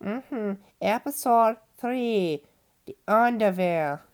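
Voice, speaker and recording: A woman's voice: mid-range voice, expressive, takes it slowly. A woman playing a bumbling male farmer who tells absurd stories in a rambling, repetitive, easily sidetracked way, with mock outrage. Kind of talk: comic podcast monologue in character.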